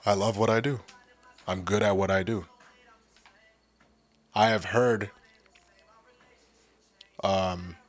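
Low-voiced man swearing through a pep talk. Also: fairly bright tone. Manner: profane, rambling, with many restarts. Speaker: podcast host. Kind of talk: casual motivational monologue.

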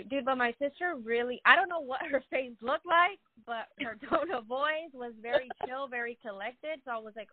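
Young woman, slangy casual storyteller, slightly high voice, dry tinny phone sound. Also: fairly quick, hardly any pauses. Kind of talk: casual chat.

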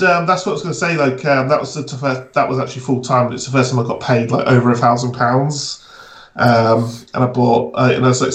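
Guy, 30s, casual podcast chatter, umming a lot, roomy echo. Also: medium pitch. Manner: hesitant, many fillers. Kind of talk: casual chat. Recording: echoey room.

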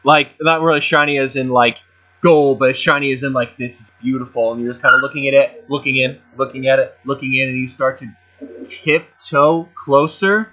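A game master runs a tabletop game over voice chat, describing scenes chattily with plenty of fillers and asides. His medium-pitched voice is bright and forceful, fairly even in intonation, at normal speed. He uses a home voice chat mic, and the audio sounds muffled.

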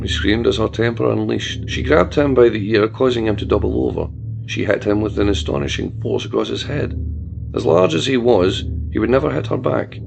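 A man narrating a dark fiction story in a slow, solemn, measured way. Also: fairly low pitch, creaky. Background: music.

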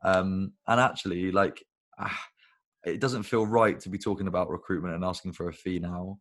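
Deep-voiced man telling rambling stories. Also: normal speed. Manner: rambling, swears freely, animated storytelling. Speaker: guest, recruitment business founder. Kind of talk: casual conversational interview. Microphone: video call.

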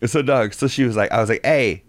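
A man in his thirties with a middle-pitched voice tells a crude childhood story on a casual podcast. He swears freely and gets excitable as he goes. The sound is dry and close. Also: very fast, no room sound. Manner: profane, excitable, laughing storyteller. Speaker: podcast co-host.

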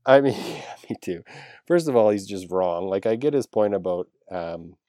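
Low dark-voiced man, teasing podcast host. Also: expressive, moderate pace, no echo, studio quality. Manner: laughs easily, teasing. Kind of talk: casual podcast banter.

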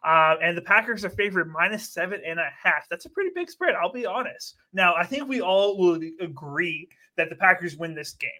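A man co-hosting a casual football betting show, emphatic and animated as he argues his pick. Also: sits high, fairly quick, few pauses. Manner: animated, emphatic, trash-talking. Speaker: co-host making picks. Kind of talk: casual sports betting chat.

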